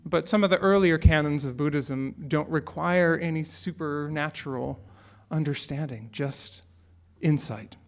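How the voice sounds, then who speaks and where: Male minister, fairly high voice, relaxed conversational sermon with humor. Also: unhurried, few pauses. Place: church sanctuary.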